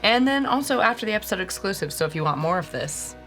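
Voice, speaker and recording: A woman's voice: medium pitch, big pitch swings, fast, fairly bright tone, soft background music. A woman co-hosting a casual whiskey tasting show, teasing and upbeat.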